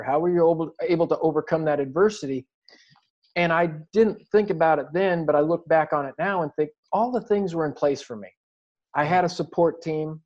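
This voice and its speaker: Man, higher voice, earnest, reflective, restarts often, interview storytelling, muffled lo-fi sound. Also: a little mellow. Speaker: guest athlete. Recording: dull lo-fi recording.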